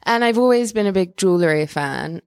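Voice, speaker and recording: A young woman with a slightly lower voice talks casually as a podcast co-host. She rambles with fillers and laughs easily. The sound is close and dry. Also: lively intonation, fairly quick, darkish tone, clean tone, no echo. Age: young adult. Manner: chatty, laughs often, trails off with fillers. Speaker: podcast co-host, watch and jewelry editor. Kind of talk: casual chat.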